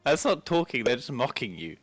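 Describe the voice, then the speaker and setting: A man's voice: medium pitch, very animated, fairly quick, faint music behind. A man playing a tabletop game, talking in a casual, teasing way. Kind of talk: casual chat.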